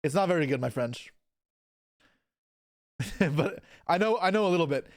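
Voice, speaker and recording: A man's voice: fairly high pitch, lively intonation, moderate pace, dry recording. Chatty man streaming, dry sound. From Canada. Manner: chatty, reads and answers chat aloud, casual swearing. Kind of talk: casual live-stream chat while opening card packs.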